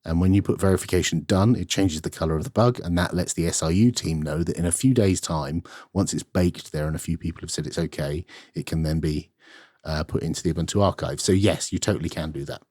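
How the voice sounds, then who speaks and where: Deep-voiced man, plainly explaining. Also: fast, darkish tone, no echo, clean studio sound. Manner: matter-of-fact, explanatory, with filler ums and uhs. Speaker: podcast co-host. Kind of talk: casual tech podcast chat, reading listener mail.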